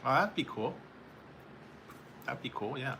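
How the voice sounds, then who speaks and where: A man from California hosts a live stream and chats loosely with his viewers, wandering from thought to thought and chuckling between remarks. His voice has a bright, sharp edge at an ordinary middle pitch. A faint hiss of noise sits under the recording. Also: expressive, measured pace, gravelly. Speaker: live-stream host reading chat. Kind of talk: casual chat with viewers.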